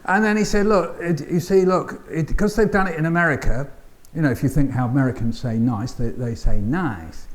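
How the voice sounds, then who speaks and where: A man's voice: a little high, fairly quick. Older London man telling stories. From England. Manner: animated storyteller, acting out voices and sounds, dry humour. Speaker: keynote speaker. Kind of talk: storytelling keynote speech. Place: conference hall.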